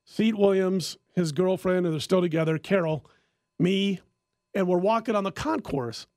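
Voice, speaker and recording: A high-pitched man telling a lively story on a sports-betting podcast, laughing as he goes. The sound is dry and close, with no echo. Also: moderate pace. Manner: animated storyteller who laughs often. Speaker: podcast host and sports handicapper.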